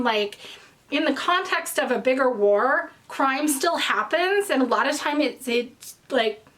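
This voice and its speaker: A young woman talks casually to her viewers in a bright, high voice. She rambles and wanders off on tangents, and she sounds a little out of breath. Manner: rambling, chatty, with tangents and restarts. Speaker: knitting podcast host. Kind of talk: casual chat to camera.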